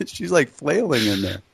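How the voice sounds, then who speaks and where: A man casually telling a funny story on a podcast, animated and laughing between lines. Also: medium pitch, slow, gravelly, breathy edge, no room sound. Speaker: podcast co-host.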